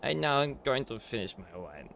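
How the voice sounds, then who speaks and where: A man voicing a drunk French observatory keeper with a put-on French accent, rambling and halting with slurred pauses. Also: medium pitch, sing-song, creaky, fairly bright tone. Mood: tipsy, rambling.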